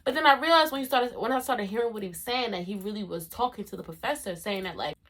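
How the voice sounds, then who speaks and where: Animated woman telling a story. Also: medium pitch, fast. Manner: animated, heavy use of "like" and "you know what I'm saying". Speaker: vlogger. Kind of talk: casual storytime vlog.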